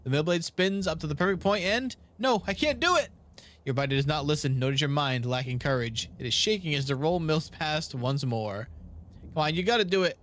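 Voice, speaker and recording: A man's voice: fairly high pitch, fairly bright tone. A young man playing a game on video, reading its text aloud and reacting with laughs and groans at failed rolls. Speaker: gaming video creator.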